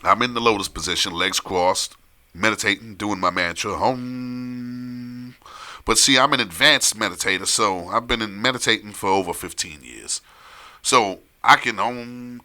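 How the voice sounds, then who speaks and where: Man, storytelling, very bright tone, lively pitch, repeats himself. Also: a little fast. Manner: animated, laughs often, repeats phrases. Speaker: storyteller on a live stream. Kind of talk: casual storytelling chat.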